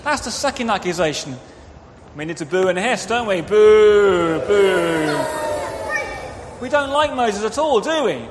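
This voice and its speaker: A man's voice: sits high, expressive, brisk, noisy background. A man preaching an interactive children's talk in church, directing the children and acting out quotes into a microphone. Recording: reverberant hall, faint ambience.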